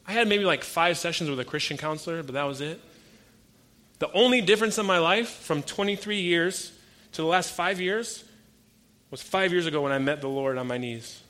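A man's voice: a little high, fairly quick, a bit bright. A young adult male pastor giving a conversational sermon, telling stories and acting out quoted exchanges with energy.

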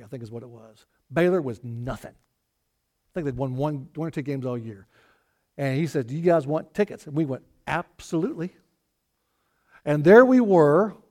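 A man's voice: on the high side, a little mellow. A middle-aged man from Arkansas with a Southern US accent, preaching a sermon in an earnest, storytelling way and often repeating words as he restarts. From Arkansas, USA. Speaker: pastor.

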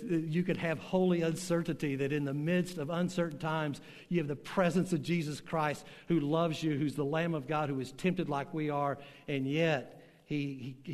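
An older man preaching a sermon, telling a story slowly and emphatically with dramatic pauses, to a church room and an online audience. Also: a little high, darkish tone. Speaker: pastor. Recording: long hall reverb.

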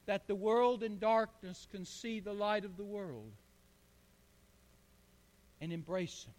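A man's voice: high voice, a little slow, long reverb tail. A man preaching a fervent sermon in church, calling on the congregation to answer back. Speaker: pastor.

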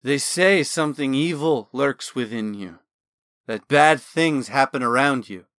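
A man's voice: medium pitch, unhurried, a bit bright, no echo, clean studio sound, close to an everyday voice. A man voicing a drunken, bitter young estate worker who slurs his resentful words in a storybook reading. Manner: slurred, resentful.

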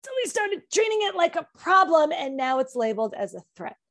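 High-voiced, emphatic woman coach. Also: sing-song, a little fast, a bit bright. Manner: emphatic, repeats key phrases for effect. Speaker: anxiety coach. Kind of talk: podcast conversation.

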